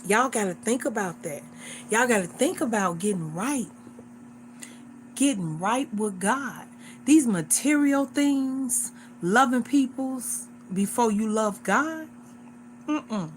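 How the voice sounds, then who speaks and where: A woman's voice: on the high side, animated, takes it slowly, a little hiss or hum. A woman in her forties hosting a livestream, talking to her viewers in an earnest, repetitive, exhorting way, like a casual sermon. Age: 40s. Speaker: livestream host.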